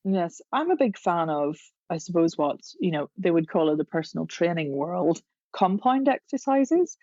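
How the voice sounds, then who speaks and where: A woman voice coach, chatting as a podcast guest and explaining vocal exercises in a demonstrative, unhurried way. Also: fairly low pitch, very animated, warm tone, no room sound, muffled recording.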